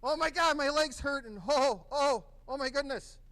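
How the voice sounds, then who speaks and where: A man's voice: very high-pitched, moderate pace, pushed and bright, pitched above the performer's own voice, heavily acted. A man acting as an injured patient, groaning in an exaggerated, whiny way about his leg hurting. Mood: pained, whining.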